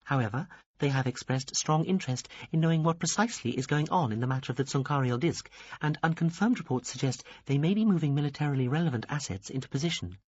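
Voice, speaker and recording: A fussy, pompous little alien officer, voiced by a man in a raised, stiff register. He speaks in formal bureaucratic phrases. The take is dry and husky with a dull, lo-fi sound. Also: fast, a little mellow, no room sound. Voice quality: high, stiff bureaucratic delivery. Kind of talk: audiobook character reading.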